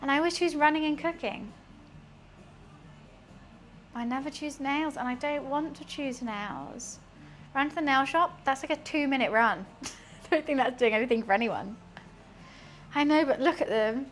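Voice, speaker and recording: A woman's voice: sits high, moderate pace, pauses often, soft background music. A young British woman streaming, chatting casually and rambling while she cooks, laughing often. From United Kingdom.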